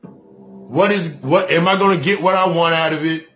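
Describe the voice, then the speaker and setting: Blunt, preachy man speaking fairly high. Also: moderate pace, a bit bright, soft background music. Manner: preachy, repetitive, blunt with profanity. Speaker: spiritual speaker. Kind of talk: motivational monologue.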